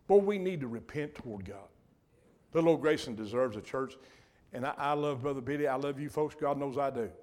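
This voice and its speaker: A man's voice: fairly high pitch, darkish tone. An older man preaching a sermon in a folksy, earnest way, often breaking off mid-sentence and repeating himself.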